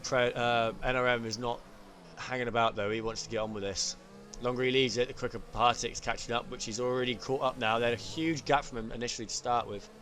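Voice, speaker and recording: Excitable man calling a sim race. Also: medium pitch, quick pace, a little hiss or hum. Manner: excitable, rising sharply at incidents. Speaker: race commentator. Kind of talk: sim racing commentary.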